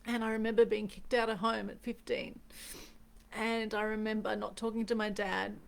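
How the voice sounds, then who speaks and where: A woman's voice: mid-range voice, fairly even intonation, moderate pace, gravelly. A middle-aged Australian woman hosting an unscripted live stream, talking earnestly and reflectively and repeating key phrases for emphasis. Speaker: host. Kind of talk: unscripted Facebook Live chat.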